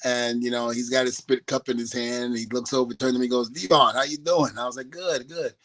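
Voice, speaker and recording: A man's voice: mid-range voice, a little fast. A man from New York, a guest on an interview show, telling a story and acting out the other people's voices in it. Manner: animated storyteller who acts out the voices of the people in his story. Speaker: guest, former wrestler.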